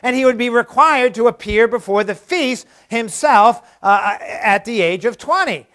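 A man preaching a sermon, emphatic and given to repeating key phrases, swinging between loud stresses and hushed asides. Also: very high-pitched, animated, a little slow.

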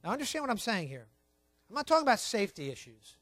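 A man preaching a sermon, emphatic and repetitive, telling his listeners to write points down, swinging between quiet asides and loud stressed words. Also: high-pitched, big pitch swings, fast, no room sound. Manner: emphatic, repeats key points, tells listeners to write things down. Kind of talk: sermon on child training.

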